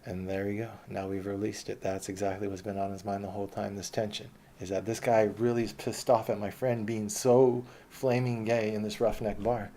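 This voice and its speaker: A man's voice: lowish voice, little pitch movement, fairly quick, few pauses, dark tone, a little hiss or hum. A man telling a long personal story in a casual, rambling, profane way.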